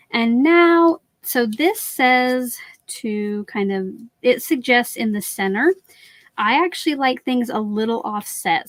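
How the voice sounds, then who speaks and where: A woman's voice: fairly high pitch, a bit bright, dry recording. Chatty woman hosting a live craft stream. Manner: chatty, talks viewers through each step. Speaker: crafting channel host.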